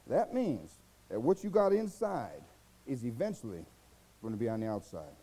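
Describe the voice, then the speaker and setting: Male pastor, American accent, mellow lively-pitched preaching voice, folksy and exhorting. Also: moderate pace, husky, poor audio. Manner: folksy, exhorting, rhetorical questions and mimicked voices. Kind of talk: sermon.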